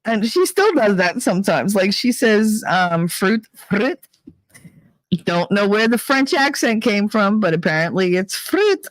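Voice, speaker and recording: Middle-aged woman, thick New Jersey accent, casual host; animated, swears, bouncy intonation. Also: medium pitch, moderate pace, few pauses, no echo. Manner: animated, laughs often, swears freely. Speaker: podcast host. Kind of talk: casual storytelling monologue. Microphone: home computer mic.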